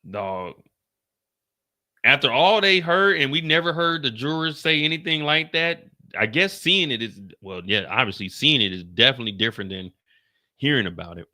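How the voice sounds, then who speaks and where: A man hosting a live stream who reads out court updates in casual, animated commentary, with swearing and sudden whispers. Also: medium pitch, normal speed.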